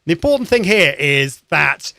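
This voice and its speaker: A man hosting a live-streamed lesson, coaching voice warm-ups in an upbeat, encouraging way with many restarts. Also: on the high side, very animated, normal speed, creaky. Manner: upbeat and encouraging, demonstrates sounds; conversational with frequent restarts.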